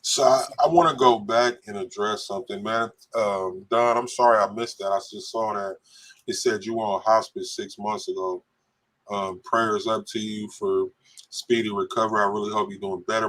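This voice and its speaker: A man with a lowish voice co-hosts a relaxed podcast. He reads out chat comments, teases the people who wrote them and laughs easily. Now and then he turns sincere. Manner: joking, laughs often, reads viewer comments aloud. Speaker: podcast co-host reading live chat. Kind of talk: casual live-stream chat.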